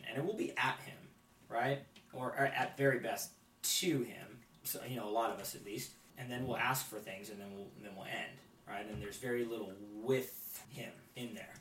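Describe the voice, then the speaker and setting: A man's voice: medium pitch, a bit bright, slight background noise. Man on a roomy, distant mic. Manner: reflective, with frequent restarts and "right?" tags. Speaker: podcast guest. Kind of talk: conversational faith podcast chat.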